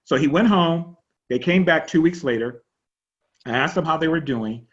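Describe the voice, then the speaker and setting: A man pastor teaching an online class in a chatty, animated storytelling way over a video call. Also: on the high side, moderate pace. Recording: dull lo-fi online call audio.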